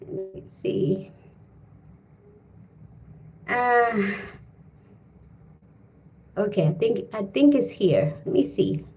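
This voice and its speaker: A woman's voice: mid-range voice, lively intonation, extremely slow, long pauses, darkish tone, slight background noise. A middle-aged woman hosting a casual live stream from home, chatting and greeting viewers by name as she thinks aloud.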